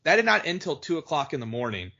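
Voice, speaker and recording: A man's voice: on the high side, very animated, fast, gravelly, sharp tone. Rambling podcast guy saying "like" a lot. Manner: rambling, heavy use of "like", restarts. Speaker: podcast co-host. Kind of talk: casual chat. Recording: dull lo-fi audio.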